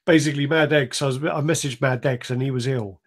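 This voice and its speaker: A man's voice: mid-range voice, steady tone, brisk. Swearing man hosting a live stream. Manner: rambling, swears freely, laughs often. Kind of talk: casual live stream chat.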